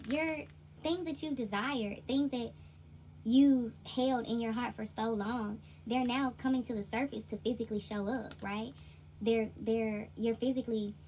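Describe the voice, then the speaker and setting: Southern lady doing a tarot reading, chatty and laughing a lot, kinda high voice, faint noise behind. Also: a little mellow. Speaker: intuitive tarot reader.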